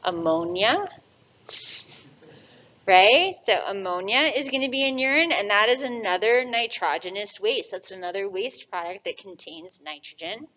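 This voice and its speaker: A woman's voice: mid-range voice, normal speed. Woman lecturing a class, lo-fi sound. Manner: lively, asks the class questions and answers them, tag questions. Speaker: anatomy lecturer.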